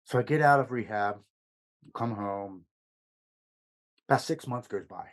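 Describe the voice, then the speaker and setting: A man on a podcast, casually telling a personal story with lots of quoted back-and-forth, earnest and dropping softer at heavy moments. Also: fairly low pitch, a little slow, gravelly, pauses often. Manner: retells events with much quoted dialogue. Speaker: podcast guest.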